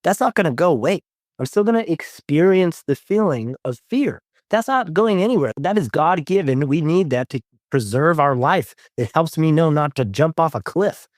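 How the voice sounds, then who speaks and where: A man's voice: fairly high pitch, lively intonation, moderate pace, dry recording, clean studio sound. A man talking about recovery in a casual spiritual conversation, earnest and affirming, repeating key phrases and swearing now and then.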